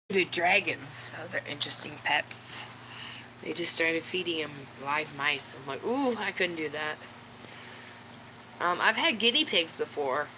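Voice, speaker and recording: A woman's voice: low-pitched, poor audio. A woman hosting a casual live chat from home, rambling to viewers and cooing baby talk to her dog. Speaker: livestream host chatting with viewers. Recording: loud background noise with dog sounds. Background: dog barking.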